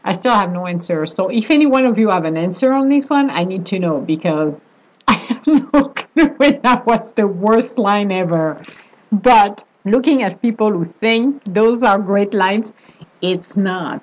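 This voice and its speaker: Young woman rambling through a story on her vlog, animated, chatty, mid-pitch voice. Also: normal speed, poor audio. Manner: animated, laughs while telling stories, rambling restarts. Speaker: vlogger. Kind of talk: casual storytelling monologue.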